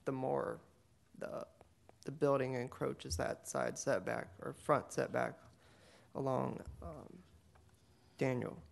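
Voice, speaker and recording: A man, a city planner, giving a staff report at a public meeting, brisk with some fillers. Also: medium pitch, creaky.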